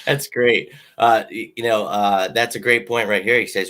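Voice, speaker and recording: Philly guy hosting a sports chat, kinda low voice but bright, jokey and fired up. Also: moderate pace, few pauses. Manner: animated, jokey fan banter. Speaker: podcast host. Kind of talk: casual sports talk.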